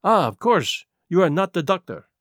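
A man putting on a fussy, vain Belgian detective for an audiobook, speaking in measured, slow, precise phrases with a pitch that sits above an ordinary man's. Complaining and particular, he weighs every word, and the lively melody dips and climbs. The recording is close and dry. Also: no room sound. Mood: alarmed.

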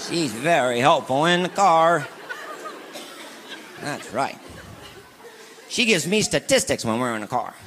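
Male stand-up comic, high pitch, plays both sides of marital squabbles with loud outbursts; live crowd and noise audible. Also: expressive, a little slow, long pauses, big-room sound. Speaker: stand-up comedian. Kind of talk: stand-up comedy routine. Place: stage before a live audience. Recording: live club recording with crowd laughter.

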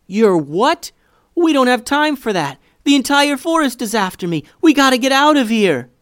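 A man voicing an excitable, dramatic boy who exclaims in a panicky way, in a children's story. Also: on the high side, normal speed, no echo, clean studio sound, pitched above the performer's own voice. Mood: panicked.

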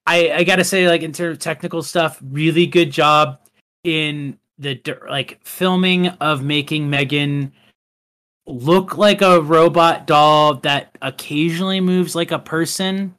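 A man's voice: a little high, fairly even intonation, measured pace, fairly bright tone, smooth. A man co-hosting a podcast, chatting casually about a film in a rambling way with many fillers. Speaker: podcast co-host. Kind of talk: casual chat.

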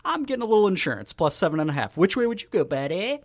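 A man's voice: sits high, very animated, very fast, dry recording, clean studio sound. A man co-hosting a casual sports podcast, talking with wry jokes and asides. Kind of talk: casual chat.

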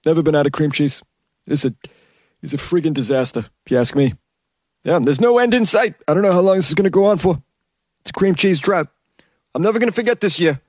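A man's voice: on the high side, expressive, quick pace, long pauses, a little mellow, no echo, studio quality, voice pushed up. A man doing a ranting, exasperated shop owner. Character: gruff older male bagel shop owner, exasperated.

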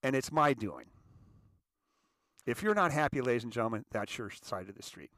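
A man's voice: mid-range voice, big pitch swings, normal speed, fairly bright tone, no room sound, studio quality. A man hosting his own show, talking in a loose, rambling monologue full of restarts and repeated words. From United States. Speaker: show host. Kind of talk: casual monologue.

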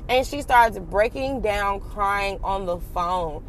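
A woman's voice: on the high side, measured pace, hardly any pauses, a little hiss or hum. Candid young woman telling a story. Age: young adult. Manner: candid, animated, swears freely, slangy. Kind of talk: casual storytime.

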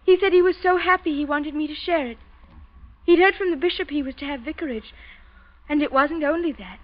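An actress playing a frightened, distraught young daughter who answers in a tearful, trembling, pleading way in an old radio drama. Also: female voice, high-pitched, brisk, muffled recording, close to an everyday voice.

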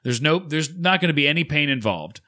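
This man in his thirties, co-hosting a podcast, speaks in a fairly high, sharp voice, animated and fairly quick. In casual conversation he spins a rambling, profane tale and acts out other people's lines.

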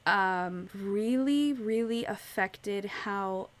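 A woman with a mid-range voice talks very slowly during a relaxed conversation about a book. Her retelling of scenes is lively and packed with "like" and "you know."

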